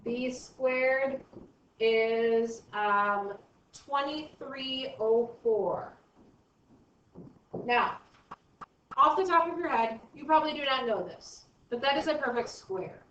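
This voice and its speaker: A woman's voice: high-pitched, takes it slowly, pauses often, fairly bright tone, recorded from a distance, slight background noise. A woman math teacher giving a recorded lesson, chatty and thinking aloud as she works through problems. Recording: dull, roomy, from off mic.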